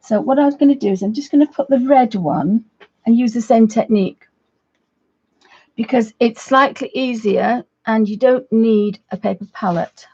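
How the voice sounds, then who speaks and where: Mellow, husky woman teaching watercolours. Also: on the high side, moderate pace, highs cut off. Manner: chatty, friendly asides to viewers, trailing restarts. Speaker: art tutor, livestream host. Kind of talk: casual live craft demonstration.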